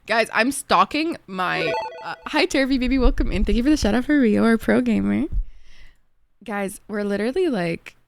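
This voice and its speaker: A young woman with an Egyptian accent, streaming live and chatting casually with her viewers in an animated way, laughing easily. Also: on the high side, normal speed, vocal fry.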